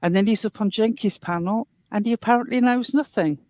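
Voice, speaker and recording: A woman's voice: a little high, brisk, darkish tone, dry recording. A woman hosting a commentary show, earnestly retelling and explaining a clip step by step. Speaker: commentary host.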